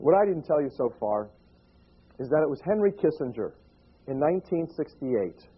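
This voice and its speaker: A man telling a story in a talk, acting out the people in it with animated, shifting delivery. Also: moderate pace. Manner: animated, acts out dialogue with shifting pitch. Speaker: speaker giving a talk. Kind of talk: storytelling lecture. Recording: dull lo-fi recording.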